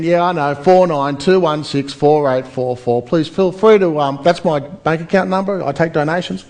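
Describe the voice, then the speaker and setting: A man delivers a seminar pitch with lots of energy. His voice sits high for a man, and he keeps throwing questions at the crowd. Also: brisk. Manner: animated, addresses the crowd with rhetorical questions. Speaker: seminar speaker. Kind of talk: property seminar pitch to a live audience.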